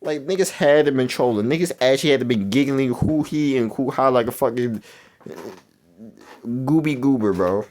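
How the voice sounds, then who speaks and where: A man's voice: medium pitch, moderate pace. Young guy rambling thru a game quiz, mumbly then suddenly hyped, keeps second-guessing himself. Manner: rambling, self-correcting, swings between mumbling and excited outbursts. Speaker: gaming YouTuber. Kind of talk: casual commentary while playing a quiz game.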